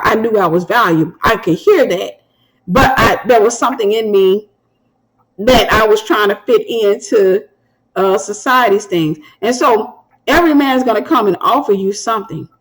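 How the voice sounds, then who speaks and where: Woman, thirties, ministry host, slightly high voice, lively storyteller. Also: poor audio. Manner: animated storytelling, acts out quoted voices. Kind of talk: preaching-style advice talk.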